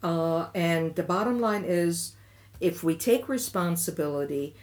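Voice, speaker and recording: A woman's voice: lowish voice, a little slow, a little mellow. Woman host, affirming and reflective. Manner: reflective, encouraging with frequent affirmations. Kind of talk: casual chat.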